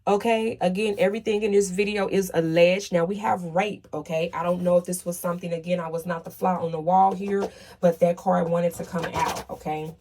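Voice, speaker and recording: A woman's voice: on the low side, fairly even intonation, fairly quick, warm tone. A woman giving a casual tarot reading, talking emphatically and asking "okay?" after nearly every point. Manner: emphatic, repeats "okay?" often, swears when worked up. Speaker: tarot reader.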